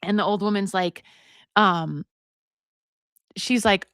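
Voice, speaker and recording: A woman's voice: mid-range voice, steady tone, takes it slowly, fairly bright tone, clean tone, no echo. Casual woman host telling a folk story on a livestream, rambling, dry close sound. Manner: rambling, self-correcting.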